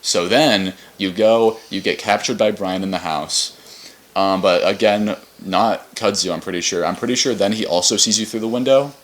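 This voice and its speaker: Young man, deep voice, rambling, second-guessing, casual podcast chat. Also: moderate pace. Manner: rambling, unsure, often corrects himself. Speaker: podcast co-host. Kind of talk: casual chat recapping a game.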